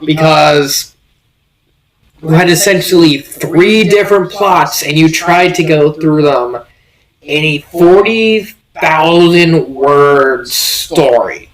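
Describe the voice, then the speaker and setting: A man's voice: on the high side, takes it slowly, rough recording. A man casually reviewing a fanfiction story, rambling and giggling as he goes, with bursts of put-on voices.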